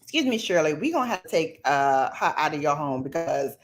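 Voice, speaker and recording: A woman's voice: deep voice, very animated, a little fast. Woman putting on a scolding child-services worker. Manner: stern, questioning.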